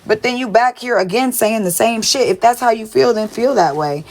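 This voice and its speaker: A woman's voice: on the high side, normal speed, roomy sound, low-quality recording. A woman livestreaming, ranting at her chat in a profane, confrontational way and repeating herself. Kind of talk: heated live-stream rant to chat.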